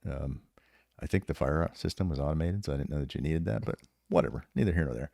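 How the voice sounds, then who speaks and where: A man in his fifties, a retired sergeant major and podcast guest, telling stories casually with an animated, profane manner and lots of laughter. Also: a bass voice, quick pace, gravelly, no echo, clean studio sound. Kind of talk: casual storytelling.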